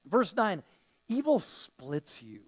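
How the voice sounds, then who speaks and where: Pastor, male, fairly high voice; loose, chatty sermon delivery that slips into quoted voices. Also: wildly swooping pitch, slow pace, breathy edge. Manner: conversational preaching that often acts out quoted voices.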